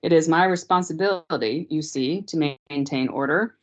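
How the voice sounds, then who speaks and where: A woman's voice: low-pitched, normal speed, close to an everyday voice. A woman reading aloud, voicing a polite but grave, self-important male police officer in his thirties, on dull lo-fi meeting audio.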